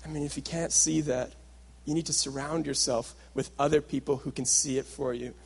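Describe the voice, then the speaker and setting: Husky man preaching a personal story. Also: fairly high pitch, steady tone, brisk, darkish tone. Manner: storytelling, acts out his past self and others in quotes. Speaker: workshop speaker. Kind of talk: sermon-style talk.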